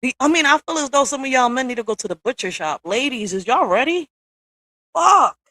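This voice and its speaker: A woman's voice: high-pitched, lively intonation, a little fast, sharp tone, no room sound. A woman hosting a live stream at home in a casual, blunt rant. She talks straight to her viewers with profanity and slangy asides. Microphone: streaming software setup.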